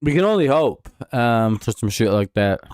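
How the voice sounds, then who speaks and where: A man's voice: medium pitch, lively intonation, normal speed, darkish tone, smooth, no room sound, clean studio sound. A man hosting a live game watch-along, swearing freely and slipping into mock announcer play-by-play, a little tipsy from drinking. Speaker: livestream host.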